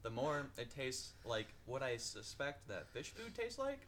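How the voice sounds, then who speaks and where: A man's voice: mid-range voice, very animated, a little slow, very noisy. A man chatting casually with friends, crude and laid-back, describing a taste in detail. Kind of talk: casual chat among friends.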